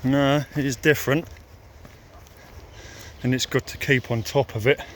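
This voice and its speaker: A man vlogging as he walks outdoors by a lake, thinking aloud in a slow, musing way and noting that he feels a bit sore. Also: mid-range voice, fairly even intonation, slight background noise. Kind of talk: casual walking commentary.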